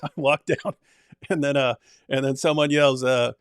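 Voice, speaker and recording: A man's voice: a little high, brisk, no room sound. Chuckling, rambling man with a dry sound. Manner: rambling, chuckling, many restarts. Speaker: live stream host. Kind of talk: casual storytelling and reading comments.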